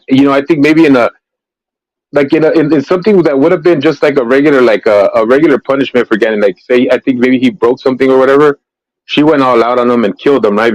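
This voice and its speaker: A man's voice: medium pitch, a little mellow, no room sound, highs cut off. Rambling man on a livestream. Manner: rambling, many fillers and restarts. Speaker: livestream host. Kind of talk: casual true-crime chat.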